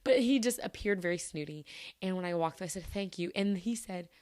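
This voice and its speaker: A woman's voice: fairly low pitch, brisk, darkish tone, no room sound, studio quality. A woman hosting a solo podcast, chatting casually and rambling through everyday stories with lots of restarts. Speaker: podcast host.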